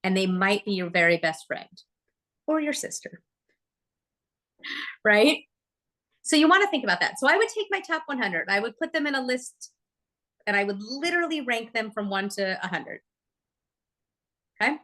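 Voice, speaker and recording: A woman giving a live real estate training talk, chatty and lively, often asking the audience questions. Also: fairly high pitch, normal speed, long pauses. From Oregon, USA.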